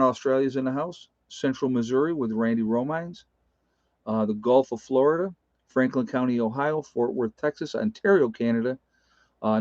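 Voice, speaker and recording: A man's voice: medium pitch, a little mellow, dry recording, lo-fi sound. A man hosting a casual livestream, reading out viewer comments and chuckling often. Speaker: livestream host.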